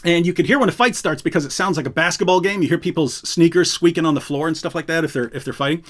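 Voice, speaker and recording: A man's voice: fairly high pitch, quick pace, fairly bright tone. A middle-aged man hosting a live stream, telling prison stories casually, acting out quotes and laughing often. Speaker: host. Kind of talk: casual storytelling on a livestream.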